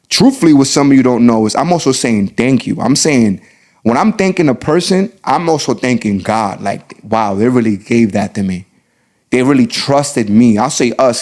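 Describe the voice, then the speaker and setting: A man from the Bronx hosts his own podcast and gives advice alone at the mic. He speaks earnestly and emphatically, repeating phrases and slowing down to stress his points. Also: mid-range voice, a little mellow. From the Bronx, New York. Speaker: podcast host. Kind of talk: solo podcast advice talk.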